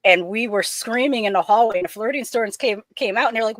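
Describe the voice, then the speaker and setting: A woman from the northern US telling a lively story in a casual podcast chat, acting out quoted voices. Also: a little high, fast, few pauses, no room sound. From northern United States. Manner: animated storyteller, acts out quotes.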